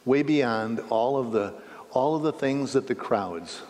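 A man's voice: medium pitch, measured pace, a little hiss or hum. A male pastor preaching a sermon, telling the story vividly and asking the listeners questions. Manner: animated storytelling with rhetorical questions. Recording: long reverb in a hall.

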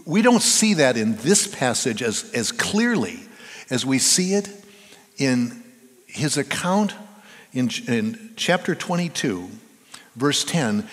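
A man preaching a sermon as pastor, swinging between hushed and loud emphatic delivery. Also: medium pitch, very animated, slow, in a large hall.

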